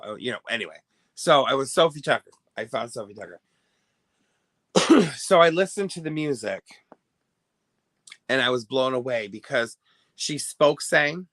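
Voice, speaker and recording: A man chats casually to his audience, drifting through a long anecdote and often losing his thread. His voice is bright and a little low, and he takes his time. It sounds dry and close, with no room echo. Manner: rambling, chatty, self-interrupting. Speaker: host. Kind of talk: casual storytelling to viewers.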